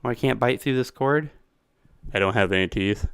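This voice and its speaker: Streamer man, casual and rambling, laughing often, mid-pitched, dry close mic. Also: normal speed, clean tone, dry recording. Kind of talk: casual live-stream chat.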